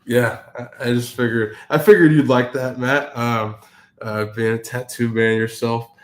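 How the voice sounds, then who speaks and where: A man's voice: medium pitch, flat delivery, normal speed. A man co-hosting a casual sports talk show, agreeable and steering to the next topic.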